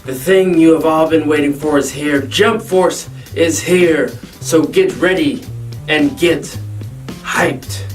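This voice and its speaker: A man hosting a hyped gaming video, energetic and jokey with self-mocking asides. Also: on the high side, unhurried. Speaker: host. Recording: distant mic with music. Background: background music.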